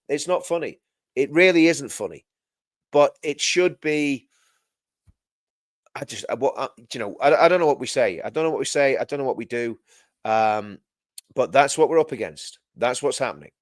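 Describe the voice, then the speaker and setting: A man's voice: mid-range voice, animated, normal speed, no room sound, studio quality. A middle-aged man hosting a livestream, ranting with sarcasm and indignation and often repeating his phrases. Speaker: livestream host.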